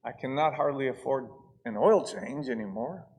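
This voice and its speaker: A man preaching a sermon, swinging between hushed asides and loud, pleading passages. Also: medium pitch, animated, normal speed, slight background noise. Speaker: pastor.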